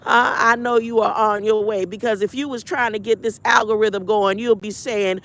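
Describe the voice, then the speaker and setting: A woman's voice: medium pitch, fairly even intonation, normal speed, a bit bright. A woman hosting a livestream, rambling and preachy, talking back to her chat and reciting spiritual affirmations. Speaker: livestream host.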